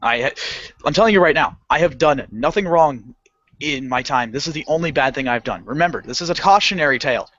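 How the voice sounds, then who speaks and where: A man's voice: a little high, fairly quick. A man spins a story on a podcast in a raised voice that swings up and down. He laughs and swears through it and acts out the other people's voices. The audio is dull and lo-fi. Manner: animated, swearing, laughing often, acting out voices. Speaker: podcast co-host telling a story. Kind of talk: casual storytelling chat.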